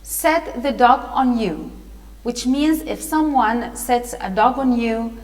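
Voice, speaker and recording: Slow, patient Egyptian woman teacher. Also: on the high side, animated, long reverb tail, rough recording. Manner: patient, explanatory, with hesitations. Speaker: English teacher. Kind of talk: reading a storybook and explaining vocabulary.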